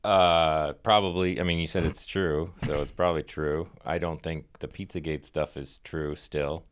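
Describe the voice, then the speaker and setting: A man's voice: a bass voice, fairly even intonation, moderate pace, clear, resonant tone. A man chatting casually on a podcast, giving short laid-back replies. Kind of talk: casual chat.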